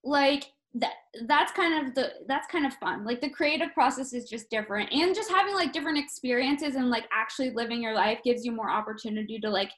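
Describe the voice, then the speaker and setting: A comedian in her thirties chatting casually on a podcast from home, animated and full of swearing. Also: on the high side, brisk, few pauses, echoey room. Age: 30s. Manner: animated, swears a lot, acts out stories. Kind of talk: casual chat. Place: her room at her parents' home.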